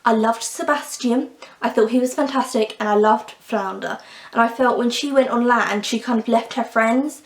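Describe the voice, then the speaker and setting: Young woman ranting about a fairy tale, kinda high voice, echoey room, sarcastic and chatty. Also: normal speed. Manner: chatty, opinionated, sarcastic asides. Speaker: book and film reviewer. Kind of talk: casual chat. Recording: roomy echo.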